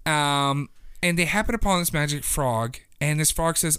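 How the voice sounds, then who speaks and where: A man's voice: fairly high pitch, moderate pace, a bit bright, smooth, dry recording. A man hosting a podcast, chatting casually and telling a long, playful joke. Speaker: podcast host.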